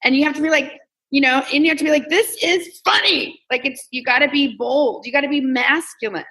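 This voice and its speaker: Woman comedian, candid and animated. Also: high-pitched, quick pace, rough recording. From Texas, US South. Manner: candid, animated, acts out quoted self-talk. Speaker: comedian and coach, guest. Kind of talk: casual interview conversation.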